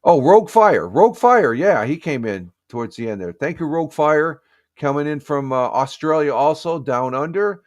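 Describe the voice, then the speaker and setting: A man's voice: on the high side, normal speed, no echo, clean studio sound. Rambling, friendly man hosting a live stream. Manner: rambling, many fillers and restarts; friendly shout-outs to viewers. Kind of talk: casual morning live stream chat.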